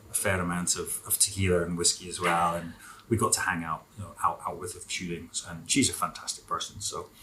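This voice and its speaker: A man in a relaxed interview, chatting enthusiastically about food and drink while eating. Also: low-pitched, a little fast, slight background noise, low-quality recording. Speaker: interview guest. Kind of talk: casual interview chat.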